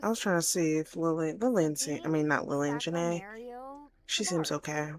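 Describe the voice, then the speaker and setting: A young woman with a low voice chats casually over gameplay, often correcting herself mid-sentence. Her tone is easygoing and talkative. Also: fairly even intonation, normal speed, crowd noise. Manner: chatty, self-correcting, laughs easily. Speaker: game streamer.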